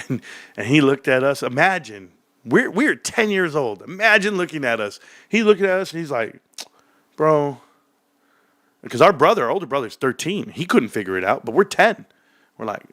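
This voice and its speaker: Animated man telling a story. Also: normal speed, long pauses, no echo. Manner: animated, acts out childhood voices in a high excited pitch; laughs often while telling. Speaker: host telling a childhood story. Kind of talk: casual storytelling.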